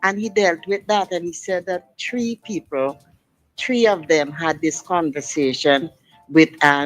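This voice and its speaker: Calling a radio program, a middle-aged woman with a deep voice delivers long, impassioned, emphatic sentences down the phone. The recording is rough.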